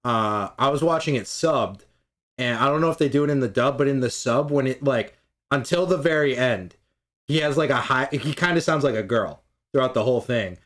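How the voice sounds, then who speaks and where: A young man sits in on a podcast, talking in a relaxed, slangy way and cursing freely. His voice sits at an everyday middle pitch. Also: brisk. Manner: loose, slangy, swears freely. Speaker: podcast co-host. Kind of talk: casual chat.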